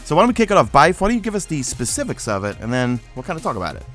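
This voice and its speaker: A man's voice: fairly high pitch, sing-song, racing, fairly bright tone, faint music behind. A man co-hosting a casual gaming discussion, thinking aloud with lots of fillers and restarts. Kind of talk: casual chat.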